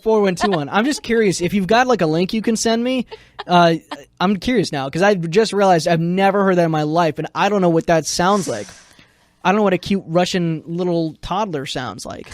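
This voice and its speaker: A man's voice: high-pitched, dry recording. Joking man on a radio news chat. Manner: jokey, animated, quick joking asides. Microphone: studio microphone.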